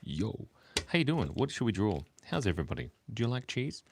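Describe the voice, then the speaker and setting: A man chatting with viewers on a live stream while he draws, keeping his voice low and quiet because it is early morning at home, playful and rambling. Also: very animated, a little fast, background noise. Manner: talking quietly, hushed. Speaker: livestreaming artist. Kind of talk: casual live-stream chat while drawing.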